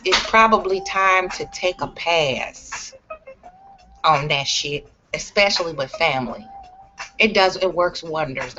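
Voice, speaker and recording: A woman's voice: on the low side, pushed and bright, muffled recording. A woman talking straight to camera in a blunt, profane, emphatic rant. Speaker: vlogger. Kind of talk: ranting vlog monologue.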